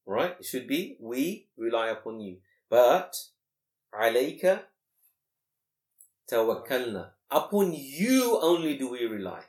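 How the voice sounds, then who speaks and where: A man teaching a class on Quranic grammar, explaining with many rhetorical questions and quick Arabic recitation. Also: medium pitch, very animated, a little mellow. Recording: echoey room.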